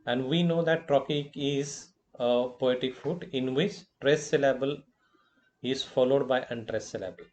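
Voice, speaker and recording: A male college professor with an Indian English accent giving a lecture, deliberate and halting, with fillers and self-corrections. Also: medium pitch, a little mellow. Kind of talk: slow lecture on poetic meter.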